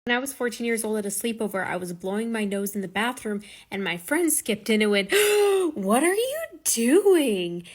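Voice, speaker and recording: A woman's voice: medium pitch, quick pace, hardly any pauses. A young adult woman casually telling a personal anecdote to camera, animatedly acting out quotes. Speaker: vlogger.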